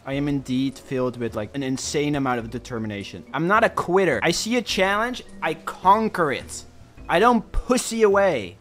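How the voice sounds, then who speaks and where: A young man commentating his own gameplay, excitable and swinging between panic and cocky boasting. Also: fairly high pitch, moderate pace, soft background music. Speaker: gaming streamer.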